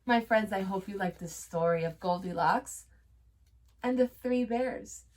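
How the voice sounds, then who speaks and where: A woman teacher reading a storybook aloud to children, expressive, gasping and pausing. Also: medium pitch. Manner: expressive, with gasps and pauses. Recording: voice from a distance.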